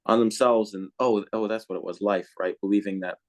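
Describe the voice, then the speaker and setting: Deep-voiced man rambling on a podcast. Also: fairly even intonation, moderate pace. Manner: rambling, with many fillers and restarts. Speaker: podcast co-host being interviewed. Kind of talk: casual podcast chat.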